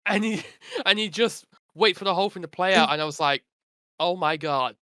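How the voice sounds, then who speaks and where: A man co-hosting a casual podcast chat, easygoing and quick to laugh, leaning on "actually" a lot. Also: sits high, sharp tone, no echo, studio quality. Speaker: podcast co-host.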